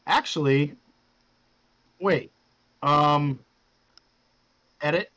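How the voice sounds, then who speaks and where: A man's voice: on the high side, drawn-out words, a bit bright, low-quality recording. A man hosting a podcast, casually coaching a guest through his game with loose, profane instructions. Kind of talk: casual chat.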